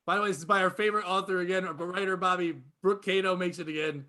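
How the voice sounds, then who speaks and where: Profane ranting man with a high voice. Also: fairly even intonation, fast talker. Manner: profane, ranting, swings from low mutter to loud outbursts. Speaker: podcast host. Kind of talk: casual comedy podcast rant.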